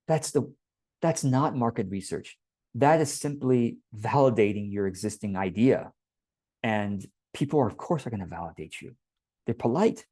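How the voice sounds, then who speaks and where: A man, a business coach, teaching a workshop in a relaxed conversational way and acting out quoted voices. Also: medium pitch, normal speed, dry recording.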